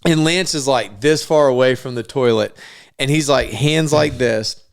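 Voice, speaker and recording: A man's voice: medium pitch, normal speed, creaky, clean tone. A young man co-hosting a podcast, telling a story with lots of swearing and acted-out quotes. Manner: animated, swears a lot, acts out quotes. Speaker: podcast co-host. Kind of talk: casual storytelling chat.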